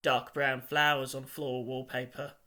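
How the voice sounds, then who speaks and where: Bright-voiced male audiobook narrator. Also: medium pitch, flat delivery, unhurried. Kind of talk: scripted narration.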